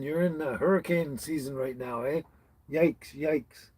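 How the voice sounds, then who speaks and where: A man's voice: fairly high pitch, measured pace, a little mellow, breathy edge, poor audio. A man hosting a casual livestream, greeting each viewer by name in a friendly, chatty way. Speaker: livestream host. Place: tiny house on wheels.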